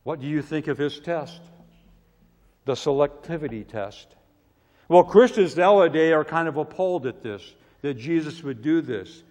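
A man delivers a sermon in a slightly high voice. He swings between loud, pleading outbursts and soft, hushed asides. A long hall reverb trails behind every phrase. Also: animated, normal speed. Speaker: preacher.

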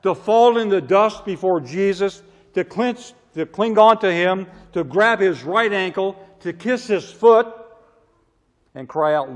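Dramatic preacher with hall reverb. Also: male voice, high voice, expressive, slow. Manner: dramatic swings from loud pleading to hushed asides. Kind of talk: sermon.

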